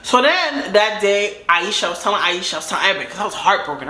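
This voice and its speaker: A young woman telling a story from her life in a casual, animated, dramatic way, full of slang. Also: medium pitch, quick pace, few pauses. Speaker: storytime vlogger. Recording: roomy echo.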